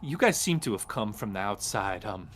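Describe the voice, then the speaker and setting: A man's voice: fairly low pitch, sing-song, normal speed, a bit bright. A man voicing a skinny, nervous male necromancer who pleads in a rambling, hesitant way. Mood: pleading.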